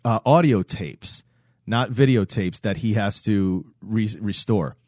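A man's voice: lowish voice, takes it slowly, dry recording, studio quality. A man casually recapping a TV series on a podcast, acting out the characters' lines as he tells it. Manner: animated storytelling, acts out quotes. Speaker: podcast co-host. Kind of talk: casual chat recapping a show.

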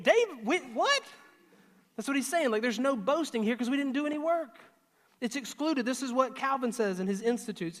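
A male pastor preaching a sermon, swinging between loud emphatic lines and hushed, earnest asides. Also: sits high. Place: church auditorium. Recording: long hall reverb.

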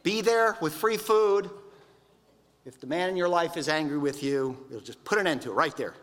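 A man preaching a sermon, telling stories in a conversational, animated way. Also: a little high, normal speed, big-room sound. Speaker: pastor.

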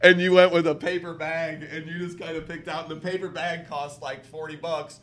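A man co-hosting a podcast, fired up, backing his partner with loud agreement and swearing. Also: a little high, flat delivery, normal speed, a little hiss or hum. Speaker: podcast co-host. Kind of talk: casual profane chat.

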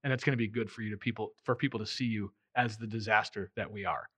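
A man's voice: lowish voice, steady tone, fast talker, a bit bright, no room sound. A man in his thirties or forties preaching a sermon in a conversational way, acting out the quotes he tells. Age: 30s to 40s. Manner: conversational, acts out quotes in voices. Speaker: pastor.

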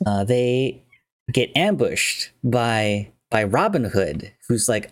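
A man's voice: mid-range voice, lively intonation, slow, no room sound, studio quality. A man casually retelling a film's plot, chatty and rambling, with many fillers.

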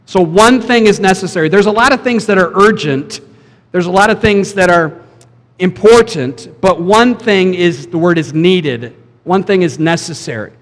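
A man's voice: sits high, moderate pace. A man preaching a sermon as pastor, in a conversational style, often asking the congregation questions. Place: church sanctuary. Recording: long church hall reverb.

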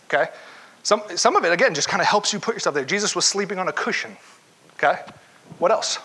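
Bright-toned man preaching a sermon. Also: sits high, lively intonation, fast. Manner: conversational, questions the audience, acts out quotes. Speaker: pastor. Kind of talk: interactive sermon.

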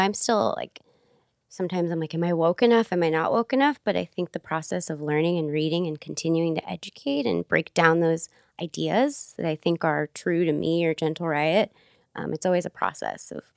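A woman's voice: fairly low pitch, fairly even intonation, moderate pace, gravelly, dry recording, studio quality. A woman from Los Angeles, raised bilingual, speaking reflectively in a casual conversation. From Los Angeles, United States. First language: Spanish and English. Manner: reflective, thoughtful, with frequent fillers.

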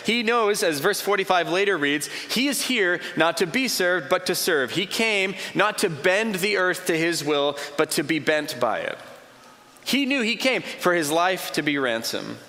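A pastor with a fairly high, sharp-toned voice preaches conversationally, building his points through repeated short phrases and playing out imagined dialogue. The long reverb of a large hall surrounds him.

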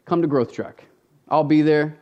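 A male pastor delivering a sermon from the stage, with a voice that sits a little higher than most men's. He talks in a casual, emphatic way, checking in with his listeners as he goes. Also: a little slow, highs cut off. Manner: conversational, emphatic, direct appeals to the congregation. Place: church stage.

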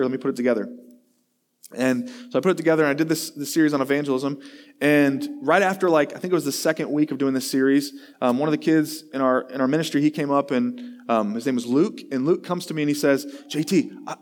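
A man delivers a sermon as a long, rambling story, speaking at an ordinary middle pitch. He is conversational and self-deprecating, with frequent restarts. When he quotes the people in his story, his voice rises and brightens. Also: brisk. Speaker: pastor.

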